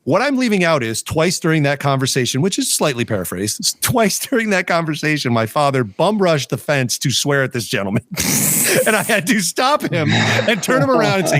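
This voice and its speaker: A man's voice: a little high, big pitch swings, normal speed, a bit bright, no room sound. A man co-hosting a podcast, telling a long story in casual chat, swearing often and breaking into laughter. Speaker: podcast co-host.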